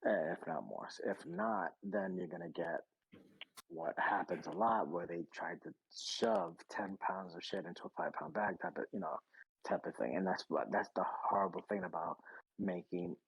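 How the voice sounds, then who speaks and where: A man's voice: low voice, moderate pace, creaky, slightly rough, no echo, dull audio. A man hosting a casual gaming podcast, rambling and profane, with lots of restarts. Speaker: podcast host.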